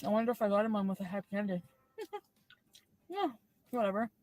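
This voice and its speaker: A woman's voice: medium pitch, big pitch swings, fairly quick, a little mellow, soft background music. A woman chatting casually in an eating vlog, giggly and talkative between bites. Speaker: vlogger. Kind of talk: mukbang vlog.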